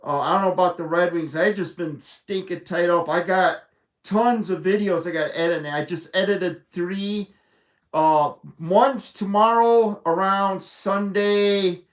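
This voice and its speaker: A man with a somewhat high voice talks loosely on a live stream. He rambles, restarts his sentences and leans on fillers, speaking from his home arcade room. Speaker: vlogger. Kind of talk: casual live-stream chat.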